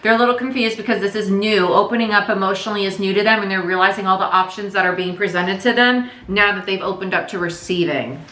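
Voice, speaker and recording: Bright-voiced woman reading tarot. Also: medium pitch, fast talker, few pauses, echoey room. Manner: chatty, candid, swears casually. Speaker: tarot reader.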